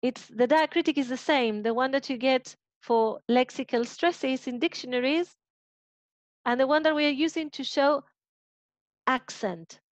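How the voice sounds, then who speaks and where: A woman's voice: high-pitched, normal speed, dry recording. Teacher woman with an Argentine accent explaining. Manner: patient explaining with fillers. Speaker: phonetics teacher. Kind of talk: online class explanation. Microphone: video call. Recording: dull lo-fi video call audio.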